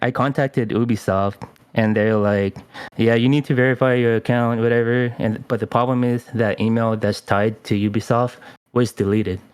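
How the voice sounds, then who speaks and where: A man co-hosting a gaming podcast, telling a story in a laid-back, halting, casual way. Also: medium pitch, fairly even intonation, a little mellow, clean tone, dry recording. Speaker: podcast co-host. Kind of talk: casual chat.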